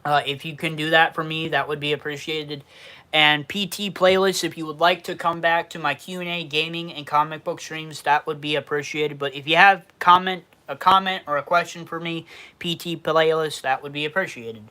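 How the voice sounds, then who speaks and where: A man in his twenties from Western New York, with a Western New York accent, hosting a casual livestream Q&A and talking loudly and cursing freely. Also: on the high side, steady tone, moderate pace, clear, resonant tone. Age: 20s. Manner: loud, heavy casual cursing. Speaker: YouTube livestream host. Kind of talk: casual livestream Q&A, reading chat.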